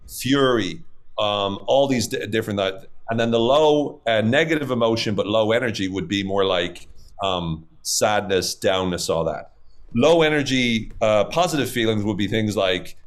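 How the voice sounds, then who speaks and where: A man talking as a podcast guest, explaining ideas in casual conversation, with many fillers and lists of examples. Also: on the low side. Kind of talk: casual interview talk.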